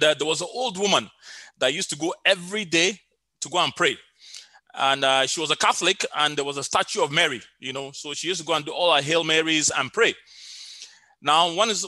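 A man's voice: a little high, bright, forceful tone, no echo. A middle-aged man preaching a sermon over an online call, telling a story with many fillers and repeated phrases.

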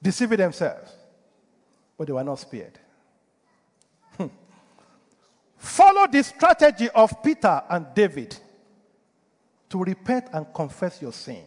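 A man's voice: sits high, big-room sound. A male pastor delivering a sermon, preaching emphatically and putting rhetorical questions to the congregation. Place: church.

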